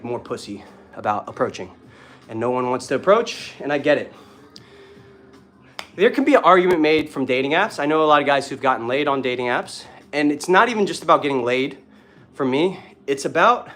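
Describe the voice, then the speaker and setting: A man's voice: medium pitch, fairly bright tone. A young man talking casually and with swearing in a vlog while doing push-ups, a bit out of breath. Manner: casual, profane, talks between push-ups. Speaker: dating coach.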